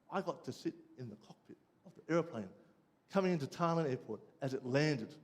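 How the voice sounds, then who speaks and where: An Australian man preaching, telling a personal story with lively ups and downs before dropping quiet and low for the lesson. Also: fairly quick. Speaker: pastor. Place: church.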